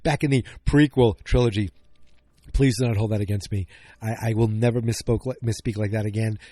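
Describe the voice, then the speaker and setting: A man's voice: fairly low pitch, fairly even intonation, brisk, mellow, dry recording. A man hosting a podcast, recapping an episode in a casual, rambling way, often correcting himself and cracking jokes. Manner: rambling, self-correcting, jokey. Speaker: podcast host.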